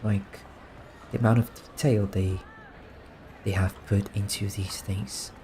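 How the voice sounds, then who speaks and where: A man gives soft-spoken gameplay commentary in a low voice, slow and unhurried. He muses in a relaxed, amused way, with a faint hiss under his voice. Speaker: gaming streamer.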